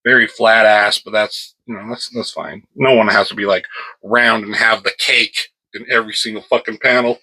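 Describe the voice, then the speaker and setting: Casual bright-voiced man reviewing comics. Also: fairly low pitch, steady tone, moderate pace, breathy edge, poor audio. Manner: rambling and offhand, stops to scold his cat.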